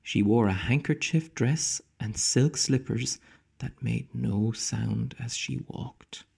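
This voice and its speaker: Male teacher reading aloud to kids; husky, mellow, slow, with hushed whispers. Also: mid-range voice. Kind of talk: storybook read-aloud.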